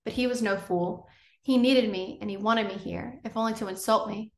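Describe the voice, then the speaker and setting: A woman narrating an audiobook in a measured, unhurried reading. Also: mid-range voice, steady tone. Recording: roomy echo.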